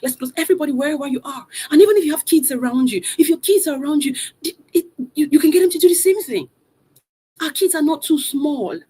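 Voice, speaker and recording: A woman's voice: high voice, lively intonation, fast talker, dark tone. A woman, a mother of three, hosting a live online motivational session from a room at home. She speaks with energy, urging her audience again and again. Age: adult mother of three. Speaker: motivational coach hosting a virtual event. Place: room at home, not a studio.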